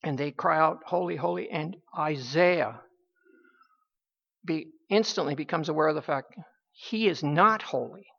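Slow husky lady preaching, gravelly, keeps restarting, dull lo-fi sound. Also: deep voice, a bit bright. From United States. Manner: halting, with many restarts and slow emphatic phrasing. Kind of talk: sermon. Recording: dull lo-fi recording.

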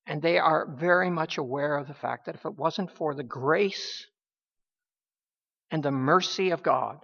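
A woman preaching a sermon in a halting, emphatic way, with many restarts. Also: low-pitched, vocal fry. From United States. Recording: dull lo-fi recording.

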